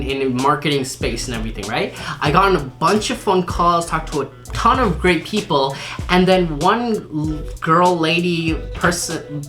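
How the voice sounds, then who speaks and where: A man's voice: on the high side, pushed and bright. A young man chatting casually in a vlog about his career, upbeat and a bit boastful, laughing often. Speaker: marketing vlogger.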